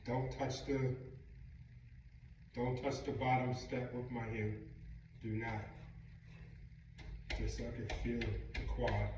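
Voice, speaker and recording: A man's voice: mid-range voice, a little mellow. Winded man counting reps in an echoey room. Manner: counting reps aloud, slow and deliberate. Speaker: vlogger recovering from knee surgery. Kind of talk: casual exercise vlog. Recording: roomy, distant camera mic with background noise.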